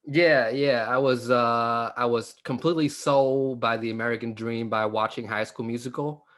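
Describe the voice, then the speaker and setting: A man's voice: mid-range voice, steady tone, normal speed, fairly bright tone. Joking young man. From Vietnam. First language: Vietnamese. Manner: laughing, joking, many fillers and restarts. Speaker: stand-up comedian guest. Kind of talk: casual interview. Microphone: video call.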